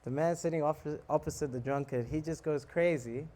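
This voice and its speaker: A monk preaching who tells a lively story, acting out scenes and laughing. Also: male voice, a little high, fairly quick. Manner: animated, laughing, acts out scenes. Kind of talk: storytelling sermon.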